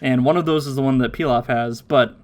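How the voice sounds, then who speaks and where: A man hosting a casual watchalong podcast, recapping episodes with lively, chatty energy. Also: medium pitch. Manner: animated recapping with quick put-on quotes and laughs. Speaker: podcast host.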